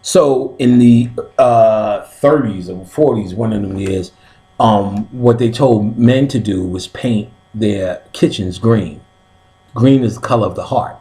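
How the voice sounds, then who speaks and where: A man hosting a casual occult talk, swearing constantly and laughing, jumping between high excited yelps and low mutters. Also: slow. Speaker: host of an occult class stream. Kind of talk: casual profane chat.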